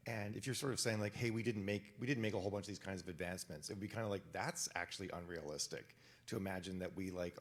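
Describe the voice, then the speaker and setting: A man on a writers' conference panel, talking casually with many fillers. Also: low voice. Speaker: panelist author.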